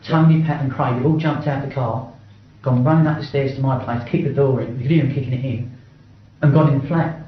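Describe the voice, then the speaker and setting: Fast-talking blunt man, echoey room. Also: medium pitch, steady tone. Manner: blunt, swears often, stumbles and restarts while reliving events. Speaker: interviewee. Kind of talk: first-person account in an interview. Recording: very echoey, dull-sounding room recording.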